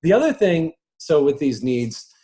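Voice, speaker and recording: A man with a warm, somewhat high voice and big pitch swings coaches an audience on personal strengths. His live talk is casual, full of chuckles and quick voices.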